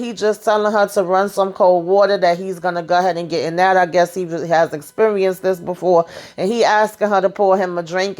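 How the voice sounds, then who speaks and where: A woman's voice: fairly low pitch, darkish tone. A woman recapping a TV episode in casual, sassy chat straight to her viewers, full of asides and fillers. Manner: colloquial, drawn-out asides with frequent fillers. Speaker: TV show recap host.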